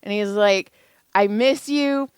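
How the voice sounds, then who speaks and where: A middle-aged woman co-hosting a podcast, chatting casually and telling animated stories, slipping into voices. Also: medium pitch, slow pace, smooth, dry recording. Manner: animated storyteller, mimics voices. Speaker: podcast co-host. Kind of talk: casual chat.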